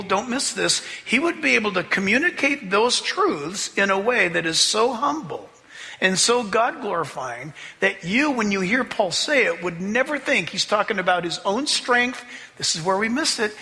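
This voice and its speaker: High-voiced animated preacher in an echoey hall. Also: male voice. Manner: animated preaching, drawn-out emphasis. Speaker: pastor. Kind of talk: sermon. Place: church sanctuary.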